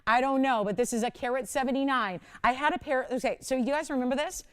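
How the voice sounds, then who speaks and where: A woman's voice: sits high, quick pace, clean tone. Chatty, laughing woman shopping host. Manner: chatty, self-mocking, laughs often. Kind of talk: live shopping presentation. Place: TV shopping studio.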